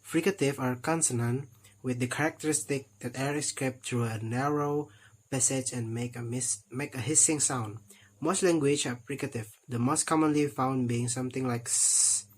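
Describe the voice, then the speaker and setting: A young man with an Indonesian accent, reading a phonetics lesson aloud carefully and often restarting words. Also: medium pitch. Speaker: student presenting a recorded test.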